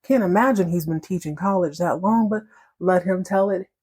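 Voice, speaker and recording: A woman hosting a podcast, recapping a story in a chatty, animated way and laughing often. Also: lowish voice, normal speed, slightly rough. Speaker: podcast host.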